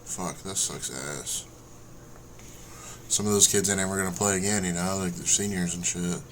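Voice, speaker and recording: A man's voice: sits low, steady tone, moderate pace, a bit bright, slight background noise. An American man hosting a podcast, reacting in a laid-back, profane way in casual chat. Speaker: podcast host.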